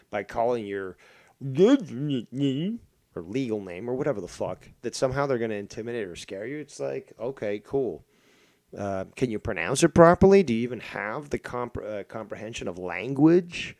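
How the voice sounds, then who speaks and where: A man's voice: on the low side, darkish tone, no echo. A man hosting his own live stream, rambling in a profane, mocking way with many fillers and restarts. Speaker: livestream host. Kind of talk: casual live-stream rant.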